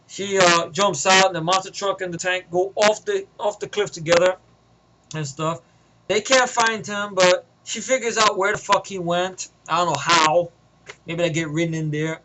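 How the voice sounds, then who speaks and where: एक आदमी अपनी फ़िल्म की कहानी बिखरे, बेलौस, गालियों भरे अंदाज़ में सुनाता है, बीच-बीच में "उह", "लाइक" जैसे भराव शब्दों के साथ।. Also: male voice, sits high, bright, forceful tone, a little hiss or hum, low-quality recording. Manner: rambling, profane, filler-heavy. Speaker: vlogger. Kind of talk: casual retelling of a movie idea.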